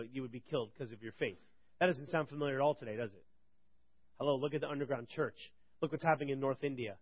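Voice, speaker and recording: Young male Bible teacher, talky and rhetorical, slightly high voice, dull dry audio. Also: dry recording. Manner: conversational, rhetorical questions, swings between loud and quiet. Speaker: preacher.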